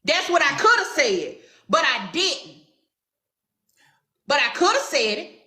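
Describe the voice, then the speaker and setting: A woman's voice: sits high, very animated, a little slow, long pauses, pushed and bright, echoey room. A woman with a Southern drawl, hosting a heated commentary chat in a sassy, confrontational way. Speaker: commentary show host.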